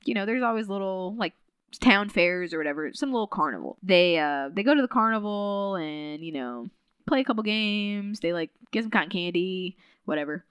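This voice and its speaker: A woman podcast host casually recapping a novel, full of fillers and quick acted-out character lines. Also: mid-range voice, a bit bright, smooth, dry recording. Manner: chatty, many fillers, acts out characters' lines.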